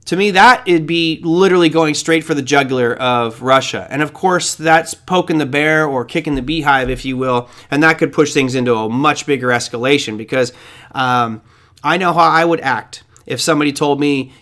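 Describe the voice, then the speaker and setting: A man's voice: a little high, moderate pace, fairly bright tone. A man hosting a trading show, giving casual market commentary in a rambling, conversational way with side stories.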